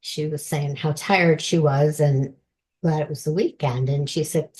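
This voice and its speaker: A woman's voice: low-pitched, steady tone, measured pace, a little mellow. A woman guest author telling personal stories in a chatty way and laughing often during an interview. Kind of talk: casual interview chat.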